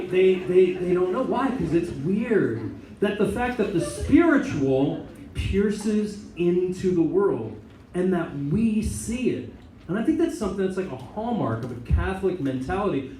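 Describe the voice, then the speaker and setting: Animated American priest telling stories. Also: male voice, a little high, slight background noise. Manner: animated storytelling with many asides and laughs. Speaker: Catholic priest and chaplain. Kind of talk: informal talk to a student group. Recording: echoey room, mic at a distance.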